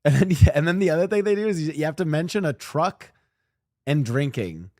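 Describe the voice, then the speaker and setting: A man's voice: fairly high pitch, sing-song, fairly quick, a little mellow, no room sound, studio quality. A man streaming and reacting to clips, rambling animatedly and talking to his chat.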